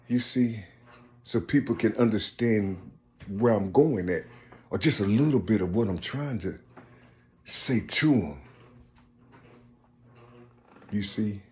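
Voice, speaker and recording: Slow, halting man, rambling monologue. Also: on the low side. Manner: repetitive, searching, keeps asking "you see?"; slow, halting, often trails off softly. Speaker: speaker sharing personal visions.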